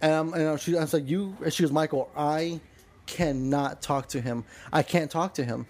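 A man's voice: a little high, normal speed, a little mellow. Rambling, profane male storyteller. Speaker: podcast guest. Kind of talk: casual chat.

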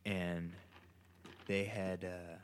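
A man's voice: deep voice, little pitch movement, very slow, smooth. A man casually telling a rambling, profane story in his home kitchen, often restarting his sentences.

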